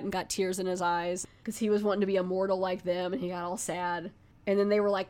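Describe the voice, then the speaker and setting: A woman's voice: medium pitch, fairly even intonation, brisk. A woman giving a casual, rambling movie review, full of fillers and asides.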